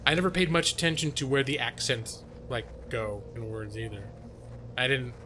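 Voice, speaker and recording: A man's voice: medium pitch, pushed and bright. A man chatting casually on a live gaming stream, rambling and self-deprecating, with casual swearing. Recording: faint music behind.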